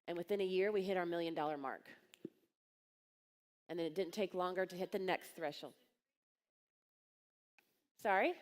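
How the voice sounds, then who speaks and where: Her voice sits on the low side, moderately paced and often pausing, with a long reverb tail from the large conference hall. A coaching business speaker, she delivers a live talk on coaching, recounting stories plainly and directly and voicing the people she quotes.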